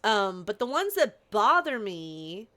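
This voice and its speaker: A young adult woman live-streams a game, chatting casually in a rambling, playful way full of asides. Her voice is medium-pitched with a sharp tone, very animated, and slow in pace.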